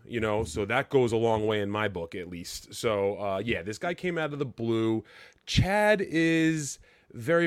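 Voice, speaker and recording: A man's voice: medium pitch, clean tone, no echo, clean studio sound. A man co-hosting a podcast in casual, rambling banter, swearing freely and laughing often. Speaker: podcast co-host.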